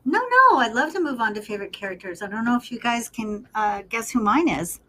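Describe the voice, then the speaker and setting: A woman's voice: a little high, animated, brisk, pushed and bright. Woman guest on a podcast, eager, keeps agreeing, chatty. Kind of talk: casual podcast chat.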